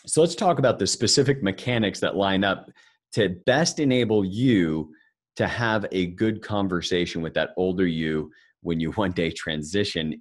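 A man giving a live financial seminar, talking conversationally and joking with the audience. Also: low-pitched. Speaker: financial speaker presenting to an audience.

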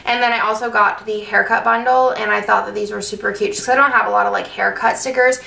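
A young woman gushes through a sticker haul with a slightly gravelly voice, chatty and full of fillers. She sits a little back from the mic in a roomy, echoing space. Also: medium pitch, steady tone, fast, sharp tone, recorded from a distance. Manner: gushing, chatty, lots of fillers. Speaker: planner sticker vlogger. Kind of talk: casual haul video chat.

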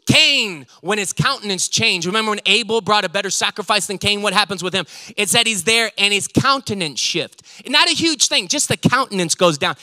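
A man preaching a sermon as pastor, animated and acting out scripture dialogue. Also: high voice, fairly quick, hardly any pauses, dry recording, clean studio sound.

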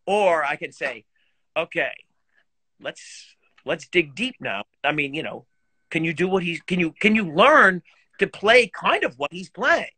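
Animated, bright-voiced male storyteller. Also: a little high, a little slow, breathy edge, no echo. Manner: animated storyteller, laughs often, self-deprecating. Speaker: guest musician and teacher. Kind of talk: casual chat, storytelling. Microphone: video call.

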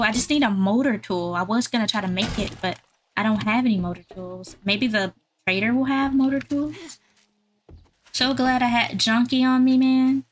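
A woman giving casual gameplay commentary, chatting to her viewers and getting excitable during fights. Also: on the high side, a little hiss or hum. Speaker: gaming YouTuber.

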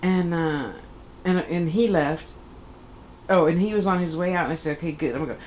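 A woman's voice: lowish voice, a little fast, darkish tone, slight background noise, low-quality recording. A woman in her fifties telling a rambling personal story in a casual vlog, correcting herself as she goes and acting out what she said. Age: 50s. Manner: rambling, chatty, self-correcting, acts out her own quotes. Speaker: vlogger.

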